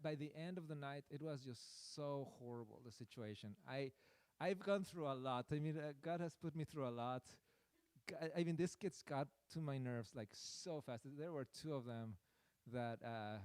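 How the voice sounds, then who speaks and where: A man's voice: on the high side, darkish tone, smooth, no echo. A man preaching a sermon through a personal story, in a rambling, self-deprecating way with many fillers.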